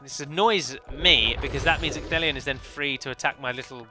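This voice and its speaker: A man's voice: mid-range voice, brisk, music in the background. A man commentating on his own multiplayer strategy match, chatty and analytical, often correcting himself mid-sentence. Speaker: let's play commentator. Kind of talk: game commentary.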